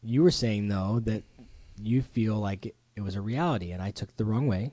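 Mellow-voiced man hosting a casual chat. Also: fairly low pitch, fairly quick, no echo. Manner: animated, acts out quoted voices. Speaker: podcast host. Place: home studio.

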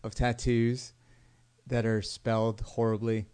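A man co-hosting a casual podcast chat, easygoing and quick to laugh. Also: medium pitch, flat delivery, a little mellow, clear, resonant tone. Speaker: podcast co-host.

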